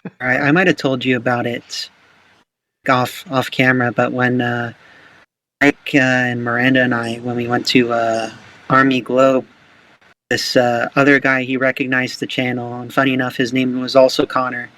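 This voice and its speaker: A man's voice: medium pitch, flat delivery, moderate pace, pushed and bright, low-quality recording. A man chatting as a podcast guest, working through his points with hedges and "right?". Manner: reasoning aloud, hedging. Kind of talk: casual chat.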